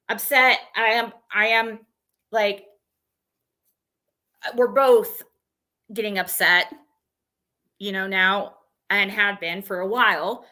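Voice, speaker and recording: Bright-voiced woman venting on stream. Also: medium pitch. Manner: agitated, recounting an argument with restarts. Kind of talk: venting live stream monologue.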